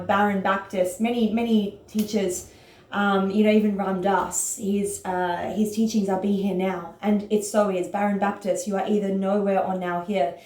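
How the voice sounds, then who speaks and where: A woman who teaches yoga and writes, talking casually and earnestly to her followers about self-compassion, at times rushing with excitement and then slowing herself down. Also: medium pitch, echoey room. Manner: excited, earnest, speeds up and slows down.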